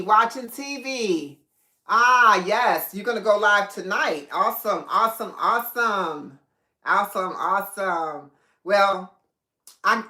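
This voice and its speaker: A woman's voice: medium pitch, pushed and bright. A woman hosting a casual livestream while she eats, chatting freely and reading out viewers' comments with frequent laughs. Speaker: livestream host. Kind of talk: casual live chat while eating. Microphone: no microphone, device in room. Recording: echoey room, no mic.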